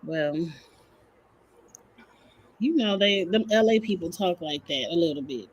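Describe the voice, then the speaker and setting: A woman co-hosting a casual chat show, relaxed and conversational as she speculates. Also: fairly low pitch, a little slow, husky, highs cut off. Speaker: podcast co-host.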